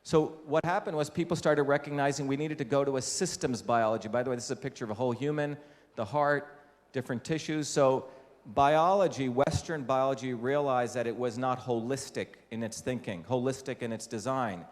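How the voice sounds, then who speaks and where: In a reverberant lecture hall, an invited lecturer from India speaks at a brisk pace in a medium-pitched voice. He addresses the live audience emphatically and keeps throwing rhetorical questions at the room.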